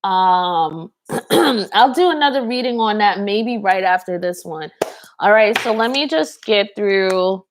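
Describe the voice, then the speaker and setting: A woman's voice: mid-range voice, animated, slow. A young woman giving a casual live tarot reading, chatty and rambling, talking to viewers in the chat. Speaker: tarot reader.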